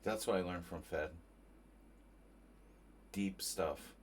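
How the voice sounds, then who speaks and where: A man's voice: low voice, takes it slowly, a little hiss or hum. A man from New Jersey commentating casually on his own chess game, thinking aloud and chatting with viewers. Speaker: chess streamer. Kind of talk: casual live commentary while playing.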